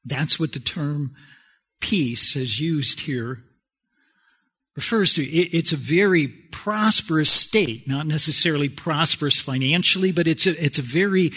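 A man preaching a sermon, swinging from raised exclamations to soft near-whispers. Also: fairly high pitch, takes it slowly, slightly rough. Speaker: pastor.

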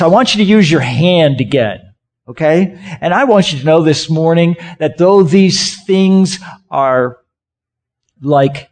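Slow-talking pastor preaching a sermon. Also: male voice, on the high side, darkish tone. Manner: conversational, asks the congregation questions; has listeners act out gestures with their hands.

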